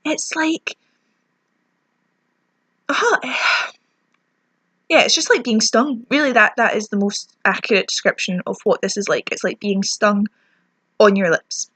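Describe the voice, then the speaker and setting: A woman's voice: medium pitch, fairly bright tone, dry recording. A young Scottish woman ranting chattily through a lip product review, self-mocking as her lips sting. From Scotland. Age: young adult. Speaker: beauty vlogger.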